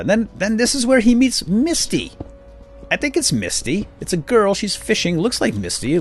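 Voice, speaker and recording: Low-voiced man rambling a casual recap. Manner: rambling, lots of fillers and chuckles. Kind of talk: casual recap while playing a game.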